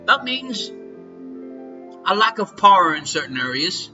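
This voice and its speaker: Irish man, quiz host at home, high bright voice, joking with viewers, dull stream audio with faint music. Banter-heavy host. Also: sing-song, a little slow. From Ireland. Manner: jokey, teasing banter with viewers in the chat. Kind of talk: live-streamed pub quiz hosting. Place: his home.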